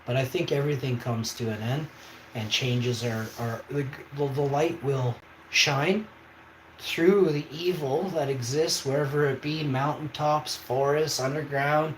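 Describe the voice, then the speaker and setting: A man's voice: mid-range voice, steady tone, a little slow. A man hosting a livestream, talking in an emphatic, rambling way and often checking in with his viewers. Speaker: livestream host. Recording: echoey room, faint background noise.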